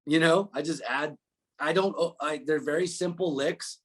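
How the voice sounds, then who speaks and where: A man's voice: a little high, moderate pace. A man in his thirties, a musician guest in a casual interview, talking in a laid-back, rambling way with many fillers.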